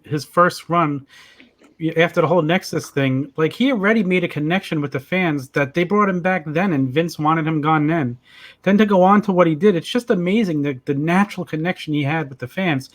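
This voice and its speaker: Enthusiastic male podcast co-host. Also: on the high side. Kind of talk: casual panel chat.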